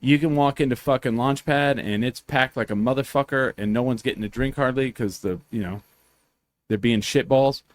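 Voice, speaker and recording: A man's voice: mid-range voice, moderate pace, no echo. Guy rambling through bar stories, swears a lot, does little voices for people, dry mic. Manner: rambling, profane, acts out quotes in voices. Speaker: podcast host. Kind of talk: casual chat, storytelling.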